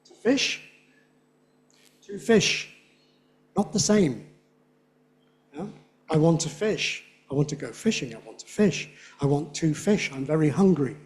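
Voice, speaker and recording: A man giving a conference lecture on speech. He talks in a chatty way, checks in with "yeah?" and says his examples slowly and clearly. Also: on the high side, lively intonation, a little mellow. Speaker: guest lecturer on English phonetics. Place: lecture hall with an audience.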